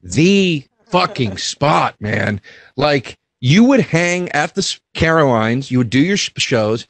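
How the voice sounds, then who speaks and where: A man's voice: a little high, sing-song, takes it slowly, gravelly, a bit bright, no room sound. A man on a comedy talk show, animatedly reminiscing with laughs. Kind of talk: casual comedy podcast chat.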